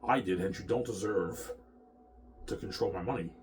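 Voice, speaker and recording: A man's voice: sits low, normal speed, music in the background. A man rambling in an agitated monologue to the camera, swearing often and repeating his words. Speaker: vlogger.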